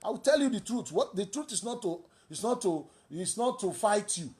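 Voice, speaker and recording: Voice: mid-range voice, lively intonation, moderate pace, a little mellow. A speaker with a Nigerian accent giving fiery political commentary as a talk show host, asking rhetorical questions and repeating phrases for emphasis.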